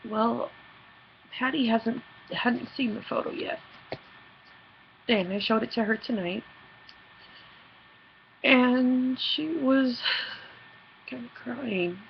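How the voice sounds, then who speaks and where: This is a woman with a gravelly, creaky voice, talking in an earnest, halting way about her investigations as a personal video diary. She stumbles and restarts often. The sound is dull and lo-fi, with a faint hiss behind her. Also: a little high, steady tone. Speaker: paranormal investigator and team leader.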